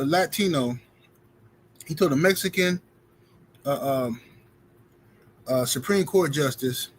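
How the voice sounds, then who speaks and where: A man's voice: a little high, a bit bright, a little hiss or hum, low-quality recording. A man hosting a live stream, speaking bluntly in casual commentary and often repeating his phrases. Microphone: streaming setup mic.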